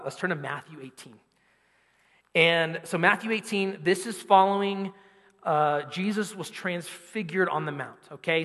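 A man in his thirties preaching a sermon in a conversational, animated way, acting out quotes. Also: on the high side, in a large hall. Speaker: pastor.

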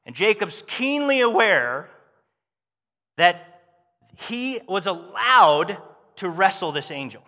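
Male pastor, high forceful voice, animated conversational sermon, church-hall reverb. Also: slow pace, long pauses.

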